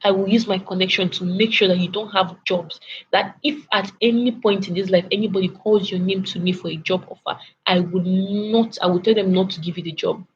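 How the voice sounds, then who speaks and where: A woman's voice: mid-range voice, fairly even intonation, brisk, natural voice. A woman voicing a furious, arrogant male boss who rants and hurls insults, on a lo-fi recording with faint noise. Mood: threatening. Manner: shouting insults, indignant.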